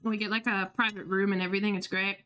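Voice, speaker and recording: A woman's voice: medium pitch, little pitch movement, fast, sharp tone, clean tone. A young woman streaming, chatting casually with viewers, talkative and swearing freely with laughing asides. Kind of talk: casual livestream chat.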